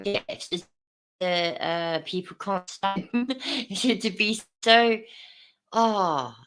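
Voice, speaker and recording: A woman with a lowish, slightly bright voice hosts a live stream, reacting to a video. Her commentary is blunt and sarcastic, with plenty of swearing.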